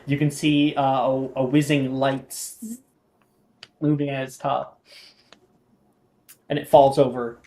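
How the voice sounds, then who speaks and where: A man's voice: mid-range voice, little pitch movement, slow, pauses often, warm tone. A man running a tabletop game as game master, casual and rambling, often laughing as he narrates.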